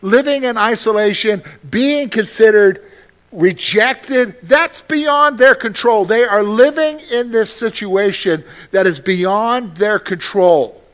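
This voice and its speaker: A male pastor preaching a sermon, animated, with frequent rhetorical questions to his listeners. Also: high voice, slow.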